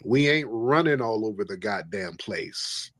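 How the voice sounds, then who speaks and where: A man's voice: on the low side, animated, unhurried, fairly bright tone, dry recording. A man hosting a call-in livestream, preachy and emphatic, repeating his points. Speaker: livestream host. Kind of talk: combative call-in livestream talk.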